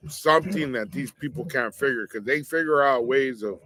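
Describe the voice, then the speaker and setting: A middle-aged man sits and tells a personal story straight to his audience in a loose, blunt, street-slang manner. His voice sits at an ordinary middle pitch, and he ends on a direct warning to his listeners. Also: normal speed, crowd noise. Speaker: show host.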